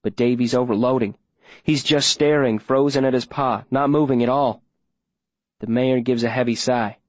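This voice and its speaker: A man narrating a first-person audiobook in a low, steady storytelling voice. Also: normal speed, no room sound.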